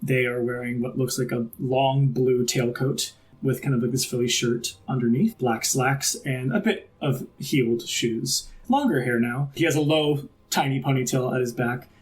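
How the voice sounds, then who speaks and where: A man's voice: medium pitch, fairly even intonation, moderate pace, few pauses. A man narrating a tabletop game as game master, in a loose, rambling way full of fillers.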